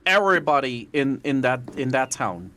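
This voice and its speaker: Lively Dutch man telling stories. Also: medium pitch, normal speed, slight background noise. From Netherlands. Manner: animated storyteller, self-deprecating. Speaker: streamer and podcast host. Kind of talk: casual podcast chat.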